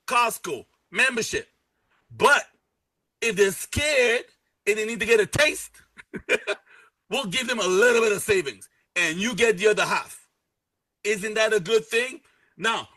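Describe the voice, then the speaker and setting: A man giving an energetic live sales pitch, repeating key words and joking with his chat audience. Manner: energetic, repetitive, salesy, playful asides. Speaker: presenter pitching a travel membership.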